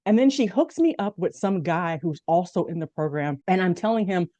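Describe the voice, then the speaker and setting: A woman in her fifties hosting a casual conversation, telling stories with lively acted-out quotes. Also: on the low side, moderate pace, no room sound. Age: 50s. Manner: animated storyteller, acts out quotes. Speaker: host.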